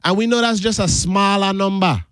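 A man's voice: high voice, moderate pace, fairly bright tone, smooth, no echo, clean studio sound. A man from the US Virgin Islands with a Virgin Islands Creole accent, hosting an earnest radio monologue. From United States Virgin Islands. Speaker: radio host.

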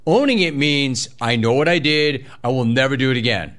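On his sports talk show, a radio host reads listener emails and mocks his co-hosts, repeating phrases for effect. He's animated, with a medium-pitched voice and a brisk delivery.

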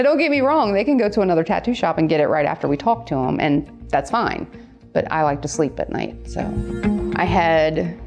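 A woman tattoo artist telling stories in casual chat, laughing often and jumping high in pitch when she quotes people. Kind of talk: casual storytelling.

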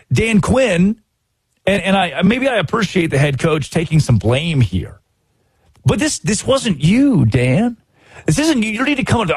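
A man hosting a sports talk show, giving opinionated commentary in an animated, exasperated way and acting out quotes. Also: fairly high pitch, breathy edge, no room sound.

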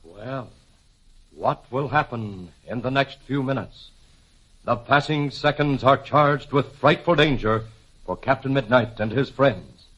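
A man's voice: medium pitch, measured pace, a bit bright, husky, highs cut off. A man announcing a 1940s radio serial in a dramatic, suspenseful way.

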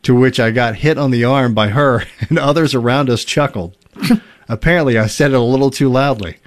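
A man's voice: mid-range voice, brisk. A man hosting a casual chat, reading listener stories aloud in an easygoing way, with chuckles and fillers. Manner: relaxed storytelling with fillers and chuckles.

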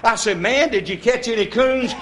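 A man telling a comic yarn in a lively folksy drawl. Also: very high voice, moderate pace. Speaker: comedian. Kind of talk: storytelling comedy routine.

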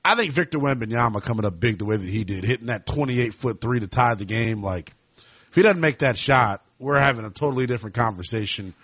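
Animated chatty male sports host. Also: medium pitch, quick pace, husky, dry recording. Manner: animated, loose and chatty, laughs often. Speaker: sports talk show host. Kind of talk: casual sports talk.

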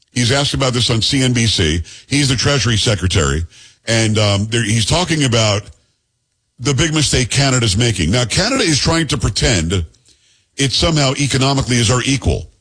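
A man's voice: mid-range voice, fairly bright tone, slightly rough. A man hosting a podcast, talking in a joking, rambling, teasing way. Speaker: podcast host. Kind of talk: casual podcast chat.

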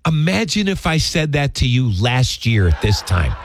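A man's voice: medium pitch, big pitch swings, normal speed, slight background noise. A man hosting a radio talk show, doing folksy, emphatic live-read ads and chatting about football.

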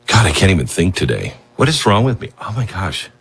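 A male talk radio host speaking in a rambling, self-mocking monologue, with sudden shouts and acted-out quotes. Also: low voice, big pitch swings, fairly quick, creaky, breathy edge.

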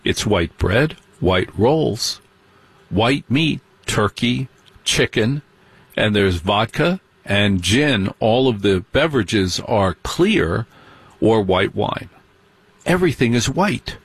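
A man telling a long comic story in stand-up style, sardonic and animated, with mocking asides. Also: fairly low pitch, takes it slowly, husky, no room sound. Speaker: comedian.

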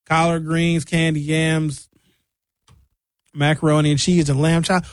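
Radio host guy, kinda high voice, dry close mic, fired-up rant. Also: unhurried, long pauses, no echo. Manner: animated rant, mimics callers in higher voices. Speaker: radio talk show host. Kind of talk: talk radio monologue. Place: radio studio.

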